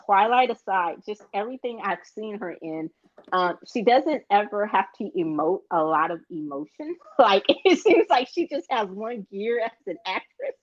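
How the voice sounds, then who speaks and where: A woman's voice: medium pitch, expressive, moderate pace. A woman co-hosting a podcast in casual chat, talking frankly and at length, swearing freely. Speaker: podcast co-host. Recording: dull lo-fi recording.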